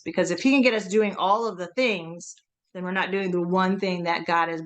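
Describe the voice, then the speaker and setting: A woman co-hosting a faith podcast, talking earnestly and quickly and laughing often. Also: fairly low pitch. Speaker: podcast co-host.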